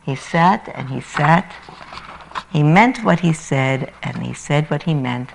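A woman meditation teacher giving a dharma talk, reading a children's story aloud in an unhurried, expressive way. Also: low voice, gravelly, slight background noise, poor audio.

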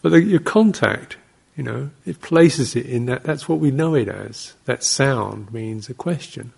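A man, a Buddhist monk, giving an informal dharma talk in a rambling, anecdotal way, breaking into soft laughs and short acted-out exclamations. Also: medium pitch, animated, unhurried, vocal fry, breathy edge. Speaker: Buddhist monk teaching meditation.

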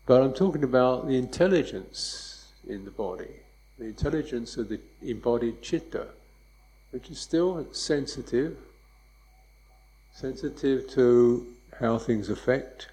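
A man teaching meditation in a loose, conversational dharma talk, wry and quick to laugh, checking in with "yeah?". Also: medium pitch, expressive, dark tone, rough recording. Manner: wry, laughs often, mimics hurried speech and beeps.

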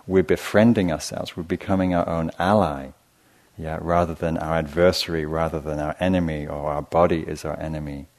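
Man, very low voice, meditation teacher, gentle reflective dharma talk, hesitant restarts. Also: steady tone, a little fast. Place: meditation retreat hall.

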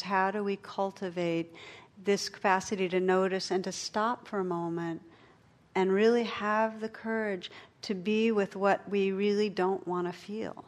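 A middle-aged woman giving a meditation talk, telling stories and jokes with gentle pauses. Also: mid-range voice. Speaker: meditation teacher. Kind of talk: dharma talk.

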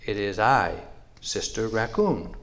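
A man's voice: lowish voice, expressive, takes it slowly, a bit bright, full character voice. Man doing a kindly raccoon guide. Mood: friendly.

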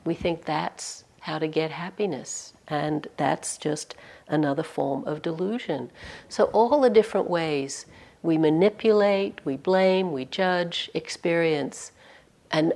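A woman's voice: sits low, a little mellow. A woman meditation teacher giving a dharma talk to a retreat audience, telling stories candidly and with self-deprecating humor.

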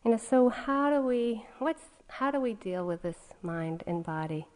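Middle-aged woman meditation teacher, soft mellow voice, easygoing dharma talk with lots of "you know"s. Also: fairly high pitch, animated, a little slow. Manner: gentle, conversational, many "you know" fillers. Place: meditation retreat hall.

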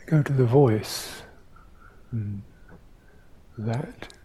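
Older male meditation teacher; reflective dharma talk, dark and mellow tone, slow delivery. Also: mid-range voice, breathy edge, rough recording. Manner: slow, reflective, with pauses and soft hums.

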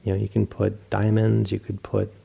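A middle-aged man teaching meditation in a relaxed dharma talk, poking fun at himself and acting out his own inner voices. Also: on the low side, normal speed, creaky, breathy edge, lo-fi sound. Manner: relaxed, self-mocking, acts out inner voices.

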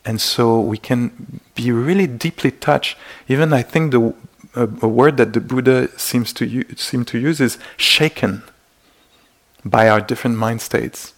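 A man with as his gives a meditation dharma talk in a gentle, searching way. His voice carries a gravelly edge at a middling pitch. He often pauses to act out small inner exclamations. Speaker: meditation teacher. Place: meditation retreat hall.

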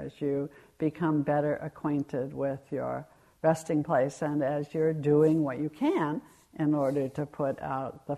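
An older woman in her sixties, a meditation teacher giving a gentle, unhurried dharma talk at a retreat, telling stories with pauses. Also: low-pitched, creaky.

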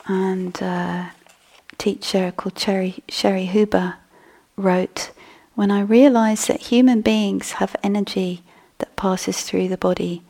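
A woman meditation teacher giving a dharma talk in a soft, breathy voice that often drops to a whisper. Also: mid-range voice. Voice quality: husky, gravelly. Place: meditation hall.

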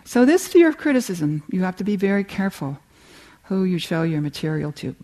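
An older American woman giving a warm, humorous talk on creativity, telling stories and reading slowly from a book. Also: fairly low pitch, sing-song. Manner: warm, humorous storytelling with slow reading passages. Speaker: meditation teacher giving a talk.

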